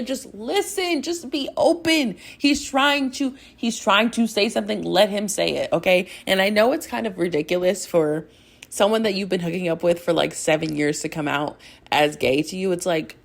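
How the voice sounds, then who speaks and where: Gravelly low-voiced young woman podcaster. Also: moderate pace. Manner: gushing, rambling fan talk full of "like" and laughter. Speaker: podcast host. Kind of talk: casual chat recapping a TV episode.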